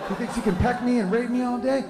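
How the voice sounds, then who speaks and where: A man's voice: extremely high pitch, steady tone, fast talker, voice pushed up. A man voicing a flock of indignant hens in a stand-up routine, accusing and fired up. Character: angry vengeful hens, female chickens. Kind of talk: stand-up comedy impression. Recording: echoey live room, crowd laughter.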